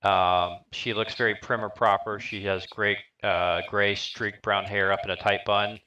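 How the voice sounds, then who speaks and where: A middle-aged man narrating a live-streamed tabletop game as dungeon master, describing scenes in a halting way with lots of fillers. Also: lowish voice, little pitch movement, pushed and bright, lo-fi sound.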